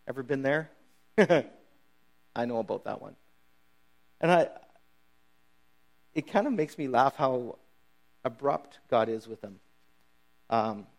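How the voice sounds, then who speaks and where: A middle-aged man preaching a sermon in a casual, conversational way, briefly acting out the voices of biblical figures. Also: mid-range voice. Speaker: pastor.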